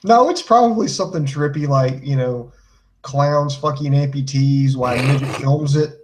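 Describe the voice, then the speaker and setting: A man's voice: medium pitch, normal speed, a little mellow, low-quality recording. A man co-hosting a podcast, recapping a wrestling show with lots of fillers and crude jokes. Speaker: podcast co-host.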